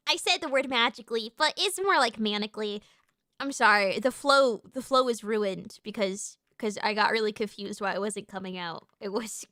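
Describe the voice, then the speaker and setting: A woman streaming as a VTuber in casual chat, loud, swearing often and tripping over her words. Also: fairly high pitch, no echo, studio quality. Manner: loud, swears a lot, stumbling restarts. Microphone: streaming mic.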